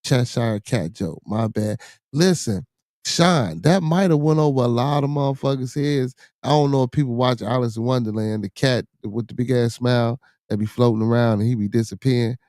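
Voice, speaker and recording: A man's voice: mid-range voice, moderate pace, a little mellow, no room sound, clean studio sound. A man with a Chicago accent hosting a casual podcast, reading viewer comments, talking loosely and profanely with many restarts and repeats. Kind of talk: casual livestream chat.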